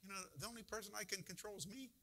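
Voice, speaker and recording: A man's voice: high-pitched, steady tone, very fast, sharp tone, poor audio. A man pastor giving a folksy, conversational sermon with emphatic bursts.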